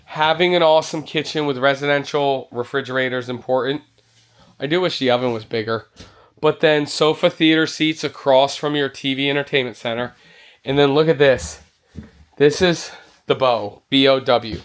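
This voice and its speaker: A man's voice: medium pitch, normal speed, smooth. A man touring an indoor RV show, giving an enthusiastic walkthrough and exclaiming over features. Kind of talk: walkthrough vlog.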